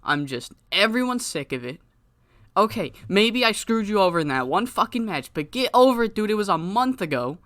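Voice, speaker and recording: A man's voice: high voice, sing-song, normal speed, a bit bright, no echo, studio quality, pitched above the performer's own voice. A man doing a sneering heel wrestler. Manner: cocky, sneering delivery. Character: brash, insulting heel wrestler cutting a promo.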